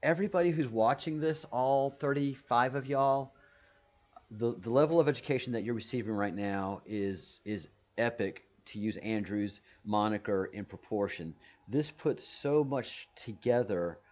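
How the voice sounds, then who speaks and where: A man's voice: mid-range voice, normal speed, darkish tone. A man hosting a casual video call stream, rambling with many restarts and repeated words. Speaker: stream host. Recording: muffled video call audio.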